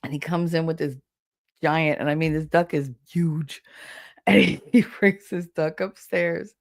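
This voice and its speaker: Deep-voiced woman, gravelly, casual livestream host with an animated, chatty delivery. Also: unhurried. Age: adult with children. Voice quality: low deep voice. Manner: chatty, animated storytelling, laughs often. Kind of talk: casual livestream chat reading the chat.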